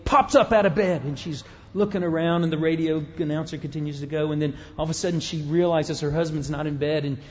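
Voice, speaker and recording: Middle-aged man, pastor, sermon, conversational, humorous, self-interrupting, slightly high voice, dull lo-fi recording. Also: fairly even intonation, fast.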